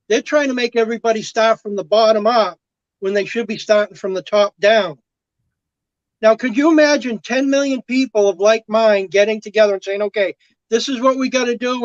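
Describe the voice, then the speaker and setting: A man's voice: sits high, no room sound. A man on a call making an earnest, persuasive political argument. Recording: dull, dry lo-fi call audio.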